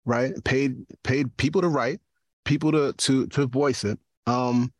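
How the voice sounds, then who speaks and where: Halting man in a dry podcast chat. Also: medium pitch, steady tone, no echo. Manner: halting, repeats words while thinking. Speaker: podcaster and guest. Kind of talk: casual podcast discussion.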